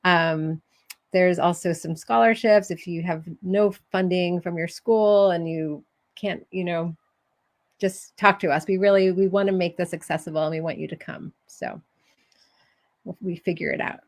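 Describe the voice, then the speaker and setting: Woman, organizer, relaxed live-stream host on a video call; friendly and laughing. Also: on the low side, unhurried. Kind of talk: casual live-stream chat.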